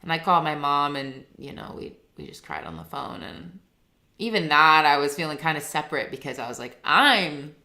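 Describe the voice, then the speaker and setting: A woman in her thirties speaks with a low voice but a bright, forceful edge. She talks as a guest songwriter in a loose, rambling chat, filling gaps with "like". She laughs easily and stays earnest. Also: animated, brisk. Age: 30s. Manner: rambling, heavy use of "like", laughs often; earnest and emotional. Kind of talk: casual interview chat.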